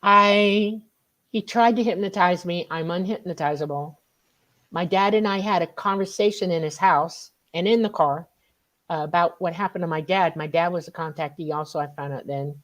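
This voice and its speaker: A middle-aged woman, telling a personal story in an excitable way and acting out quoted lines with big jumps in pitch. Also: normal speed. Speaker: guest recounting an experience. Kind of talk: animated storytelling.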